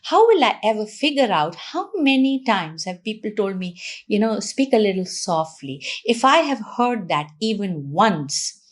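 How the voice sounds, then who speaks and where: A woman from Punjab, giving fast, lively communication advice to camera with frequent little laughs and the odd Hindi phrase. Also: mid-range voice. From Punjab, India. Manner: fast-talking, says so herself. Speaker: communication coach.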